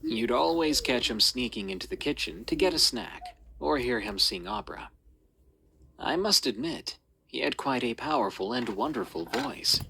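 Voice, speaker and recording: A man's voice: medium pitch, vocal fry, bright, forceful tone, a little hiss or hum, low-quality recording. A man narrating a scripted horror story in a dramatic, suspenseful reading.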